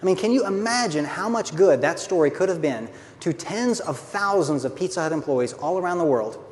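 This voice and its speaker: A man's voice: on the high side, animated, fairly quick. Earnest storytelling man in a reverberant space. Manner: conversational, earnest, with brief laughs. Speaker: speaker, author. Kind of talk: storytelling talk. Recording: long reverb, faint background noise.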